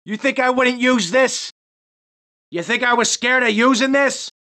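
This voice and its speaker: A man's voice: extremely high pitch, a little slow, pushed and bright, heavily acted. An actor playing a hot-tempered middle-aged male gangster in a video game, barking short hostile taunts. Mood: menacing taunts. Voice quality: gravelly, menacing. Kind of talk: game voice lines.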